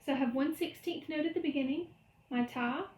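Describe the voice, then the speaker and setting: A woman music teacher records a lecture at home, walking through rhythm patterns step by step. Her voice sits high, and the room around her is noticeably echoey. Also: fairly quick. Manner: explains step by step, chants rhythm syllables.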